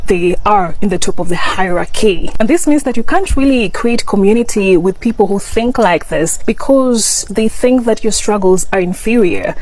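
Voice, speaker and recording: A woman with a Kenyan accent speaks straight to camera in a social media commentary. Her tone is critical and lecturing, and her voice sits at an ordinary pitch. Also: animated, normal speed, few pauses, a little mellow, no room sound, rough recording. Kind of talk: video commentary.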